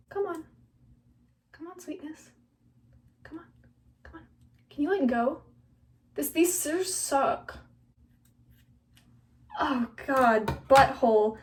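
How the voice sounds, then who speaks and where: A woman's voice: high voice, darkish tone, far from the mic. A 17-year-old girl vlogging as she cuts her own hair, talking in a chatty, flustered, self-mocking way full of "like". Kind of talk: casual chat while cutting her own hair. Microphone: phone camera.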